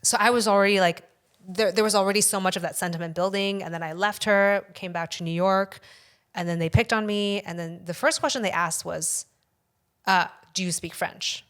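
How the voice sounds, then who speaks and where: A woman's voice: medium pitch, fairly even intonation, a little fast, a bit bright, clean tone. A woman guest on a podcast, telling a story in a casual way, rambling and swearing for emphasis.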